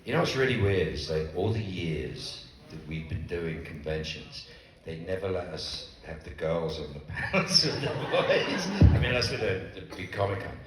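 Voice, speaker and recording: Older guy teasing everyone on a con panel, pretty low voice, roomy distant noisy hall. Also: big pitch swings, moderate pace. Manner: joking, teasing, mimics voices. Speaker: convention panelist. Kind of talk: casual panel banter. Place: large convention hall. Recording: echoey hall miked from afar, noisy.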